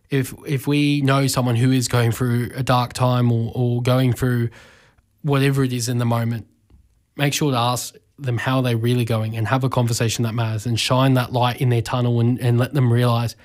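Young aussie guy on community radio, lots of ums, voice breaking up, emotional. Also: medium pitch. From Australia. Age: 20s. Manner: emotional, halting, many fillers and restarts. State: voice breaking with grief. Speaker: radio host. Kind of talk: community radio talk show.

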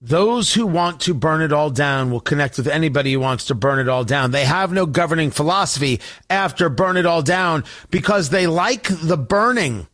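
Emphatic high-voiced talk radio host. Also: male voice, animated, fairly bright tone. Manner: emphatic, slow and deliberate, sarcastic asides. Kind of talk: opinionated talk radio commentary.

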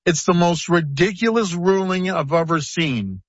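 A man's voice: sits high, a little slow, no room sound. A man speaking at a news conference, blunt and indignant. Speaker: provincial premier at a news conference. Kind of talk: press conference remarks. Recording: dull, dry archive clip.

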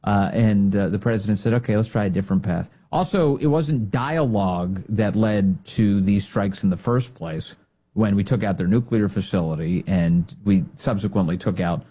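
A man's voice: fairly low pitch, normal speed, dark tone, slightly rough. A man doing political commentary, mocking and sarcastic, who mimics the people he talks about. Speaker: commentary host.

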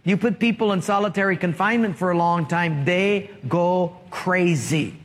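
In a large hall with long reverb, a male pastor with a high-sitting voice preaches a sermon at a moderate pace. He asks rhetorical questions and draws call-and-response from the congregation.

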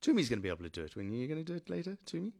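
A man's voice: on the high side, big pitch swings, rapid-fire, gravelly, a little mellow, dry recording, studio quality. A man presenting live radio, chatty and thinking aloud, often restarting his sentences. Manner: chatty, restarts and repeats words, muses aloud. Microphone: studio mic.

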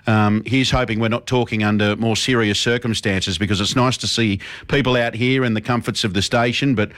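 A man's voice: lowish voice, fairly even intonation, a little fast, fairly bright tone, no room sound. A matey Australian man hosting talk radio on a studio mic. His voice is dry and close, with no room sound. He speaks in an upbeat, casual way with plenty of fillers. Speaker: radio host.

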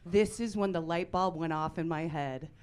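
Brash woman doing stand-up, slightly low voice. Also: moderate pace. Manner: brash, deadpan punchlines, acts out quoted people. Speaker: stand-up comedian. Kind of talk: stand-up comedy set. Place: comedy club stage.

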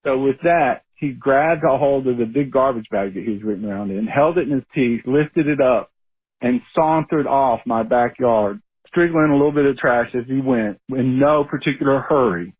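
A male caller tells his story with animated energy, his voice a bit husky. The sound is thin and narrow, like a phone line. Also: mid-range voice, moderate pace.

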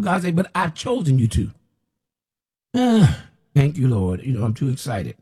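A man's voice: medium pitch, wildly swooping pitch, moderate pace, mellow, slightly rough. A man who calls himself a prophet, preaching in a blunt, scolding and rambling way, often repeating himself. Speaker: self-described prophet. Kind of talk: preaching to camera.

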